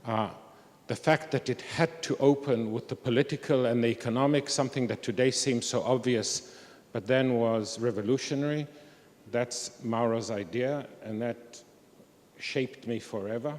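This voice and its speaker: A man's voice: mid-range voice, normal speed, darkish tone. An older man giving a reflective, candid talk at an academic conference. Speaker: conference speaker. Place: large historic hall. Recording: long reverb of a large hall.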